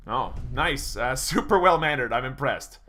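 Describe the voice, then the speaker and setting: A man's voice: mid-range voice, expressive, normal speed, pushed and bright. A man hosting a let's play, making wry, joking asides while reading through a visual novel. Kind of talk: casual game commentary. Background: faint game music.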